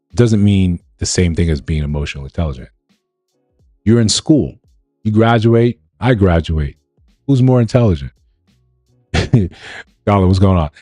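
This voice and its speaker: A millennial man hosts a live stream, talking earnestly and reasoning through his ideas step by step. His voice sits low and mellow, recorded dry and close with faint music underneath. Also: no echo. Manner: earnest, explaining, reasoning point by point. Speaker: livestream host. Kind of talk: live-stream commentary, greeting chat viewers.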